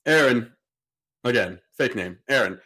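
This male podcast host has a mid-range, slightly breathy voice and keeps a measured pace. He relays a story in an easygoing style, bringing its characters to life by performing them.

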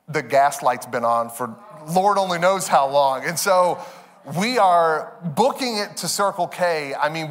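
Animated preacher telling a story. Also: male voice, fairly high pitch. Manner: animated, self-deprecating storytelling with laughs. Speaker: pastor. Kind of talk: sermon. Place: church sanctuary. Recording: long reverb of a large hall.

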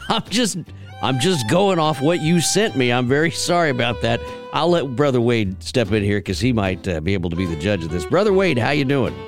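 Chatty Southern radio host man. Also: medium pitch. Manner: chatty, laughs often, apologetic and joking. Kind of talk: casual call-in radio chat.

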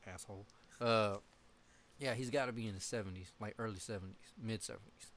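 A young man in casual chat with friends, swearing often and laughing as he tells animated stories. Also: lowish voice, brisk. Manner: profane, laughing, animated storytelling.

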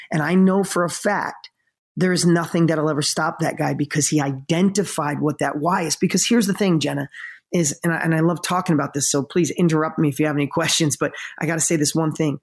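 Energetic male motivational speaker. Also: a little high. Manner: energetic, emphatic, quick bursts slowing for emotional moments. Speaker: motivational speaker and podcast guest. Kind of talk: conversational storytelling in an interview.

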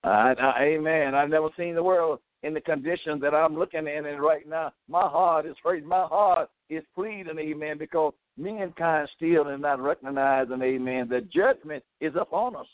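Fervent radio preacher, tinny sound. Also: male voice, fairly high pitch, normal speed, hardly any pauses, dry recording. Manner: fervent preaching, frequent "amen" and "praise the Lord" interjections. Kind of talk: radio sermon.

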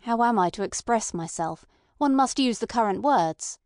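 Brief: woman reading an impatient male radical, blunt and loud-ish, dry close sound. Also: mid-range voice, steady tone, normal speed, no room sound, close to an everyday voice. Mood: agitated. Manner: blunt, agitated. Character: impatient resentful male anarchist, Ossipon.

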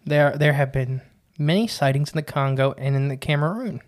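A man with a fairly high voice co-hosts a laid-back podcast. He rambles along casually and fills his speech with "uh" and "like". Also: fairly quick. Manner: chatty, rambling, frequent "uh" and "like". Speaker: podcast co-host.

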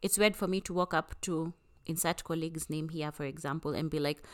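A woman co-hosting a podcast, talking in a blunt, animated, casual way and swearing freely. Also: deep voice, a little fast. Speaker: podcast co-host. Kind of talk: casual chat.

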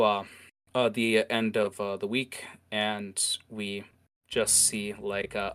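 A man's voice: fairly low pitch, a bit bright, clean tone. A man narrating as game master in an improvised tabletop session, rambling with many fillers and restarts.

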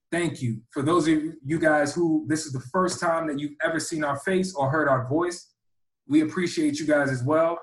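A man co-hosting a podcast in casual chat, loud and teasing, talking over a video call. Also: a little high, reverberant, poor audio. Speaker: podcast co-host.

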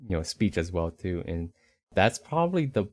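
A man with a faint Rhode Island accent talks in a casual, rambling way as a podcast co-host. His voice sits low and deep. The recording is dry and close, with no room sound. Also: big pitch swings, normal speed, dry recording. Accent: slight Rhode Island. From Northeast United States. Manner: rambling, self-correcting, easygoing.

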